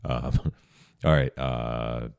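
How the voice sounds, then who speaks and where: Very deep-voiced man, loose and rambling. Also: extremely slow, clean tone, no echo, clean studio sound. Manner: rambling and relaxed, chuckles often. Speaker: reaction video host. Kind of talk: casual reaction commentary.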